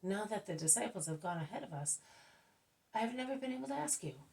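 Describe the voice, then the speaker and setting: A woman's voice: mid-range voice, animated, fast talker, gravelly, a little mellow, poor audio. A woman voicing an eager, nervous male apostle who asks probing, insistent questions. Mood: prying.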